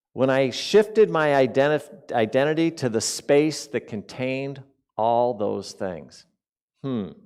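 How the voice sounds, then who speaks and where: A man giving a conversational sermon to a spiritual community. He asks the congregation questions and swings from loud emphasis to quiet asides. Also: medium pitch.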